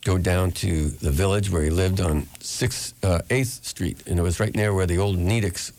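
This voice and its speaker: A man's voice: deep voice, steady tone, normal speed, darkish tone. A man from New York, a radio guest, telling long rambling anecdotes and acting out the voices of people he quotes. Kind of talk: storytelling in a radio interview.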